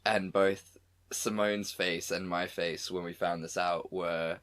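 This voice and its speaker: A man's voice: deep voice, steady tone, slow, fairly bright tone. A man co-hosting a casual comedy podcast, rambling a little and circling back to his welcomes. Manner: rambling, with fillers and repeated welcomes. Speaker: podcast co-host.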